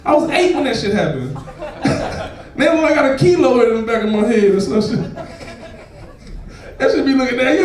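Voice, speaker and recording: A man performing a profane stand-up comedy set on a club stage, laughing and shouting as he tells stories. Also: extremely high pitch, expressive, moderate pace, pauses often. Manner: loud, laughing, profane storytelling to a crowd. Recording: echoey club recorded from far off.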